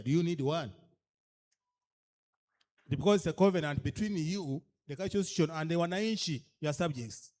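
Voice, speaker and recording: A man's voice: on the high side, a little mellow. A man with a Ugandan accent addressing cultural leaders, emphatic and full of rhetorical questions to the room, switching between English and a local language. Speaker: guest speaker at a leadership orientation. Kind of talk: addressing an audience.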